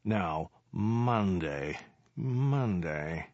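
A man's voice: sits low, lively intonation, extremely slow, darkish tone, no echo, highs cut off, full character voice. A man voicing a self-absorbed male warlord king who rambles through vague excuses with mild hesitations, in a storybook reading. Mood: dithering.

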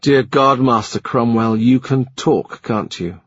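A man reading the lines of a weary, wistful middle-aged English king in a soft, subdued voice. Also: mid-range voice, unhurried, slight background noise, close to an everyday voice. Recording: slightly muffled dry recording.

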